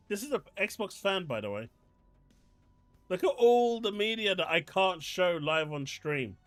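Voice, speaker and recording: A man's voice: high voice, big pitch swings, measured pace, a bit bright, dry recording, soft background music. A man casually commenting on a live stream, sarcastic as he reads hostile comments aloud.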